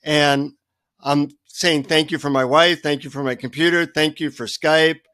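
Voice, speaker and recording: An older man with a somewhat high speaking voice, telling a story as a guest author on a radio show. He is animated and self-deprecating, with a comic storyteller's timing. The sound is dry and close. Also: unhurried, clean tone, no room sound.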